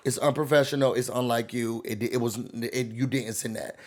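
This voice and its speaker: A man hosting a reality TV recap, talking in a sassy, animated way as he riffs on the cast. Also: medium pitch, normal speed. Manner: sassy, animated, quotes cast members in voices. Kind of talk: casual commentary.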